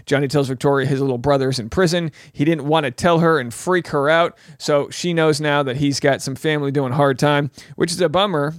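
A man in his thirties hosting a podcast, recapping a reality show with rambling jokes and quick mock voices for quotes. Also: medium pitch, no echo, studio quality.

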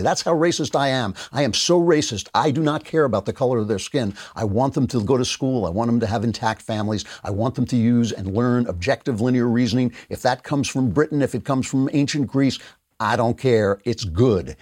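Sarcastic male podcast host, lively pitch. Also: fairly quick, no echo. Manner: sarcastic, mocking quotes of opponents. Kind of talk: political commentary monologue.

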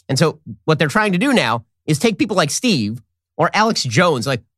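A man hosting opinionated political commentary, sarcastic and rapid-fire. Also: a little high, sing-song, fairly bright tone, husky, no room sound, studio quality.

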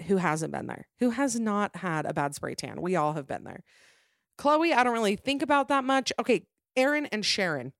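Young woman, podcast host, casual gossipy chatter, mid-pitched, dry close recording. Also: dry recording. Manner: chatty, gossipy and self-mocking, with quick asides. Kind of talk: casual chat.

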